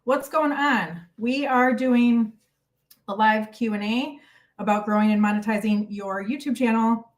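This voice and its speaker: A woman's voice: fairly high pitch, measured pace, distant mic. Bubbly woman hosting a live stream. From United States. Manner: bubbly and chatty, greets viewers by name. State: a little out of breath. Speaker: YouTube host. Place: home.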